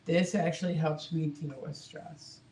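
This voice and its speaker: A man's voice: a little high, level tone, measured pace, darkish tone. A man chatting casually to viewers on a phone livestream, rambling with lots of fillers.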